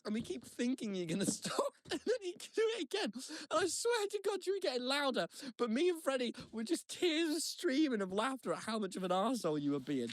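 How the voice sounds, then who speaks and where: A speaker telling a story in casual chat, teasing and laughing. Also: medium pitch.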